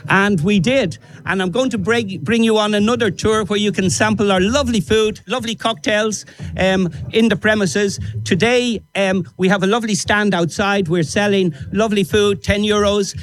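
A man from Ireland speaks with a strong, powerful voice pitched high for a man. He is eager and promotional in a live radio interview, piling on cheerful praise of his business. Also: fairly even intonation, normal speed, rough recording. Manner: eager, promotional, keeps saying "lovely". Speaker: restaurant owner.

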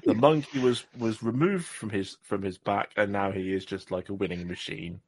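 A man's voice: fairly low pitch, moderate pace. A man from England hosting a casual podcast chat, rambling and self-mocking, often tripping over his words. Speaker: podcast host.

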